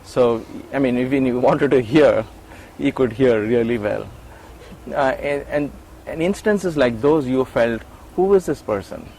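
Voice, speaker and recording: A man's voice: medium pitch, a little slow, a little hiss or hum, poor audio. A middle-aged man recounting memories in an interview, acting out quoted lines with restarts and repeated words. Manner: animated storyteller, acts out quoted lines. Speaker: interview guest, former attendant. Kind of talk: storytelling in an interview.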